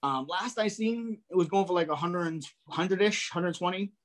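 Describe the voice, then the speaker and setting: A man co-hosting a casual collectibles chat, telling stories with lively acted-out dialogue and frequent restarts. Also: high voice, normal speed. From New England, US. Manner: animated storyteller, acts out dialogue. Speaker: podcast co-host.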